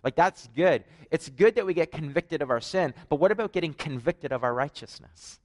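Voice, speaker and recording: A man's voice: on the high side, moderate pace. A man with a Canadian accent preaches a conversational sermon, telling stories with joking asides. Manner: animated storytelling, joking asides.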